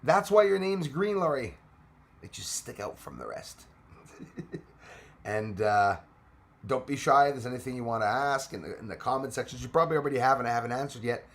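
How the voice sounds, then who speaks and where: A man's voice: medium pitch, lively intonation, fairly quick. A man hosting a casual livestream, greeting commenters by name, laughing often and chatting loosely. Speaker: livestream host. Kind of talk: casual live chat with viewers.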